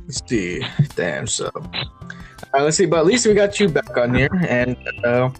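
Young man, podcast host, casual chat, rambling, animated pitch. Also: measured pace, soft background music. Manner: rambling, lots of fillers.

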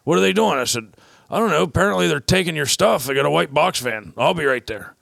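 A man's voice: fairly high pitch, fast, creaky, no echo, clean studio sound. A man hosting a podcast, telling a long rambling anecdote in casual chat and acting out the people in it. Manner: rambling anecdote with quoted voices, animated. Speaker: podcast host.

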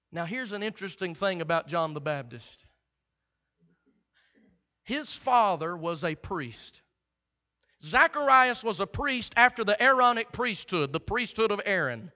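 A male pastor preaching a sermon with a very high, bright, forceful voice. His delivery is rhythmic, dropping to near-hushed passages and then rising into shouted climaxes. The recording is muffled and lo-fi. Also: sing-song, normal speed.

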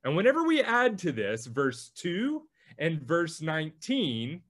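A male pastor preaching a sermon, teaching through a Bible passage with slow, emphatic delivery. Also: a little high, huge pitch swings, fairly bright tone.

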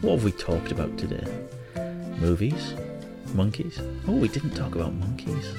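A man's voice: fairly low pitch, big pitch swings, moderate pace, gravelly, over loud music. Jokey Hartlepool man telling stories. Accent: Hartlepool English. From Hartlepool, England. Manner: jokey, chatty storyteller who laughs at his own jokes. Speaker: host. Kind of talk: casual monologue and storytelling.

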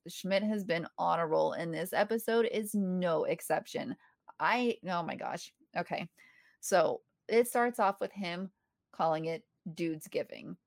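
A woman co-hosts a casual podcast chat reviewing a sitcom episode, animatedly quoting lines and laughing along the way. Her voice is lowish and creaky, and the recording is dry.

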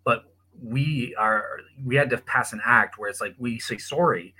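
A man from Newfoundland with a Canadian accent, chatting casually as a podcast guest, relaxed and full of likes. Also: mid-range voice, measured pace, slightly rough, low-quality recording.

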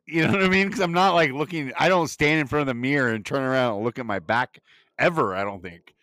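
A man co-hosting a podcast in casual chat, agreeable and quick to laugh. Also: medium pitch, a bit bright, no echo. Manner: laughs easily, agreeable reactions. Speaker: podcast co-host.

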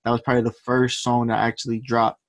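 A man's voice: mid-range voice, monotone, quick pace, no echo. Young guy rapping about his life story, super casual and slangy, swears a lot, dead dry sound. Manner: laid-back, profane, slangy storytelling. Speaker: guest, rapper. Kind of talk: casual interview chat.

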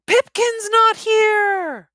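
A woman voicing a gang of excited costumed boys with shrill, shouting voices. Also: takes it slowly, dry recording, studio quality, exaggerated voice.

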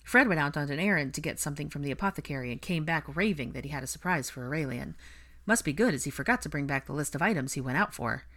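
A woman's voice: deep voice, animated, fast, fairly bright tone. Woman doing a cheerful young wizard, joking, light, storybook reading. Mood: jovial.

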